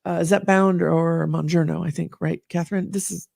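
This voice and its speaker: A woman guest telling her story in a candid conversation, earnest and animated. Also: lowish voice, moderate pace, gravelly, no echo, studio quality.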